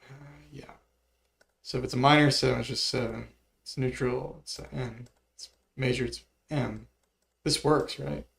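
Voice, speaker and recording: A man's voice: mid-range voice, steady tone, normal speed, creaky, a bit bright. A man casually talking through music notation on a livestream, mumbling and thinking aloud as he works. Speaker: music producer streaming his work.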